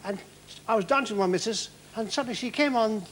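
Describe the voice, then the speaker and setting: A man's voice: high-pitched, fast, fairly bright tone. A man in his seventies, a comedian guest on a television talk show, telling anecdotes in a rambling, playful way with stammering restarts. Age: 70s. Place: television studio with live audience. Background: audience laughter.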